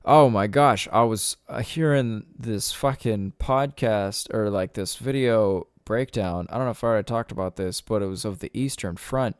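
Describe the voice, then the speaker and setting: Young man, podcast host, casual rant, profane and rambling, smooth low voice, dry recording. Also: normal speed, hardly any pauses, dry recording. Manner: profane, rambling, lots of fillers.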